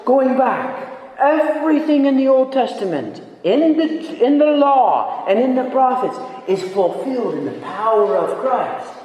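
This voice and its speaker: Man preacher with a very high voice and slow, emphatic delivery, recorded from afar in a reverberant church hall. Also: darkish tone. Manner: emphatic, asks rhetorical questions and repeats phrases. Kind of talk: sermon. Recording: echoey hall, voice far from mic.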